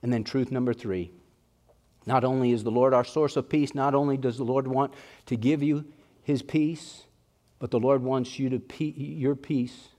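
A man's voice: medium pitch, steady tone, normal speed, warm tone. A male pastor with an East Texas accent preaching a sermon, earnest and pleading, with rising and falling emphasis.

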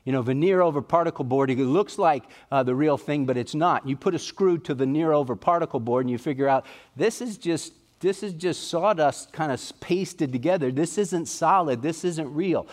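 A man's voice: a little high, moderate pace, few pauses. A middle-aged man preaching a sermon in a folksy, conversational way, telling personal stories.

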